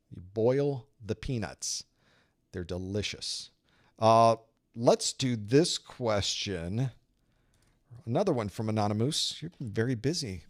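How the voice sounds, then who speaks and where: A man hosting a live-streamed certification study group, explaining with casual analogies and playful sound-effect narration. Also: mid-range voice. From Southern United States.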